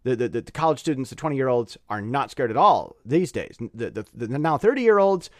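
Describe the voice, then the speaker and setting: A man's voice: mid-range voice, brisk, no room sound, clean studio sound. A man giving casual spoken commentary to camera, opinionated and rambling, with frequent restarts and repeated words. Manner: opinionated, animated. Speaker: vlogger.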